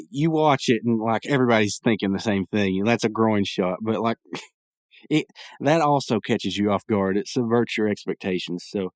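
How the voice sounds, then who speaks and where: A man's voice: mid-range voice, dry recording. A man hosting a podcast, giving a rambling, chatty recap of a cartoon episode with frequent restarts. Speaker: podcast host.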